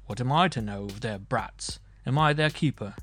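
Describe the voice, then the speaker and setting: A man's voice: medium pitch, moderate pace, fairly bright tone, soft background music, close to an everyday voice. A man voicing an arrogant, volatile medieval marshal who blusters and demands. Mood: indignant. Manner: blustering, imperious.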